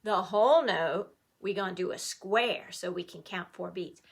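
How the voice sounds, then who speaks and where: A woman's voice: on the low side, moderate pace, creaky, husky. Cheerful playful woman music teacher. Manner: playful, animated, cheering with whoops. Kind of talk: online music lesson for children.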